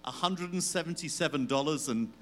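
A man co-hosting a live comedic football podcast, delivering dry, deadpan quips. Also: a little high, brisk, background noise. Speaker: podcast co-host. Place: live show venue.

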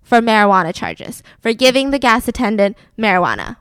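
A woman's voice: fairly high pitch, very animated, fairly quick, fairly bright tone, smooth, dry recording. A young woman co-hosting a podcast, telling a true-crime story in a chatty way, full of "like". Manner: chatty, filler-heavy with "like". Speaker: podcast co-host.

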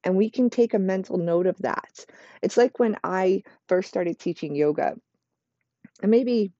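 A yoga teacher giving a motivational self-help talk in flowing, repetitive, encouraging phrases, and quick to admit to talking fast. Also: medium pitch, warm tone, no room sound. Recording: dull, lo-fi dry recording.

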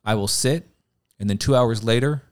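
A man's voice: mid-range voice, normal speed, a little mellow, clear, resonant tone. A middle-aged man, a pastor co-hosting a podcast, talking in an earnest, rambling way and acting out bits of dialogue. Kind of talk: casual conversational podcast.

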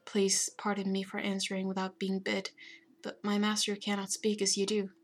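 A woman's voice: medium pitch, completely flat delivery, normal speed, faint music behind, natural voice. A woman whispering a humble kneeling servant. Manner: hushed whisper, deferential. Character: humble male servant, bowing, deferential.

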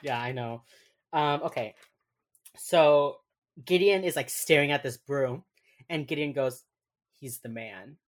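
A young woman co-hosting a casual chat, recapping a TV episode and acting out quotes with sudden loud bursts. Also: low-pitched, unhurried, long pauses. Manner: chatty, acts out quotes with sudden yells. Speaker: podcast co-host recapping a TV episode.

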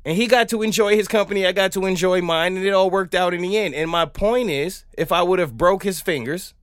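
A man's voice: high voice, brisk, smooth, no echo, clean studio sound. A man hosting a podcast, telling stories and riffing in a casual comic monologue, sometimes singing bits of songs. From Southern United States. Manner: animated storytelling, sings snippets of songs. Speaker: podcast host.

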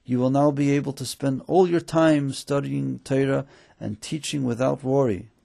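A man voicing excited young male students in a story, exclaiming in a higher voice. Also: moderate pace, creaky.

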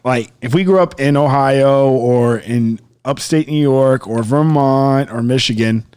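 A man's voice: medium pitch, a little slow, a little mellow, clear, resonant tone. A young man in casual, profane banter, rambling about geography and laughing often. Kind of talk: casual chat.

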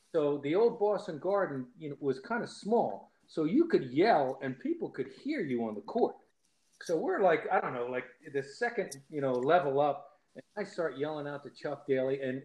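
A man with a slightly higher voice tells a sports story in casual chat. He is animated and acts out the heckles he once shouted. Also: roomy sound, low-quality recording. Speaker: podcast co-host.

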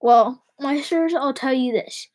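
A woman's voice: high-pitched, unhurried, a little mellow. Woman playing a bellowing reckless coach driver. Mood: boastful. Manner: bellowing, singsong, riddling. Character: reckless boastful male mail-coach driver.

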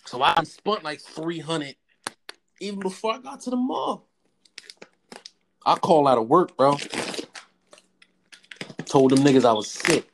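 A young man in casual chat telling a story in an animated, profane way. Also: a little slow, long pauses, a little hiss or hum. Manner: animated, profane storytelling with raised-pitch quotes.

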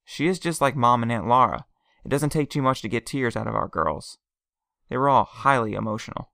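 A man narrating a first-person story in a quiet, plain storytelling manner. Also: mid-range voice, lively intonation, a little fast, creaky, no echo, studio quality.

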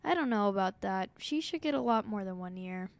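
A woman's voice: medium pitch, animated, a little fast, gravelly. Chatty, giggly female co-host. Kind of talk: casual chat reacting to news.

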